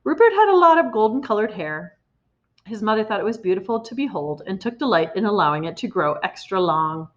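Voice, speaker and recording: A woman reading a children's storybook aloud in an expressive way, in a slightly muffled recording. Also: mid-range voice, brisk. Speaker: reader.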